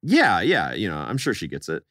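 A man's voice: deep voice, huge pitch swings, a little fast, a bit bright, dry recording, studio quality. A young man co-hosting a podcast, chatting casually and acting out the people in his story. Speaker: podcast co-host.

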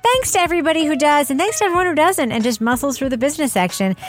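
A woman co-hosting a podcast in loose, frank chat, swearing now and then. Her voice sits a bit high. Soft music plays faintly behind her. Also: expressive, rapid-fire. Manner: frank, chatty, swears casually. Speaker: podcast co-host.

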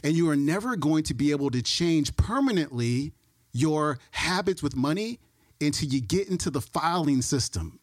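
A man's voice: on the high side, lively intonation, normal speed, no room sound, studio quality. A man hosting a podcast, giving a persuasive promotional monologue about money habits. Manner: coaching, persuasive. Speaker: podcast host.

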